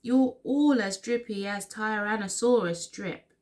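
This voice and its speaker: A woman's voice: medium pitch, unhurried, darkish tone, natural voice. A woman voicing a scornful tyrannosaurus father in a children's story, speaking in a dismissive, scoffing way.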